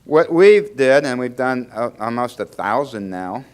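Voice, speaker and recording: A man's voice: medium pitch, expressive, a little slow. A man giving a conversational medical lecture, chatty and often restarting his sentences, asking the audience questions. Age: older. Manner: chatty, self-interrupting, asks the audience questions. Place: lecture hall.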